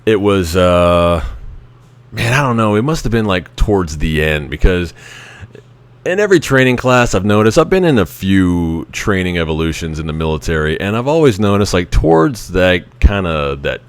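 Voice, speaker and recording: A man's voice: low voice, very animated, normal speed, clear, resonant tone. A man in his thirties, a Navy veteran, telling casual stories about his service in a rambling, chuckling way with many restarts. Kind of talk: casual anecdotal storytelling.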